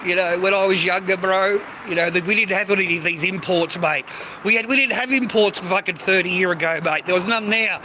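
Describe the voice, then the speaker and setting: A man's voice: high voice, fairly quick, background noise. A middle-aged Australian man vlogging outdoors on a phone, swearing constantly and tagging mate onto nearly every line. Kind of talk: rambling street vlog. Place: outdoors on city streets.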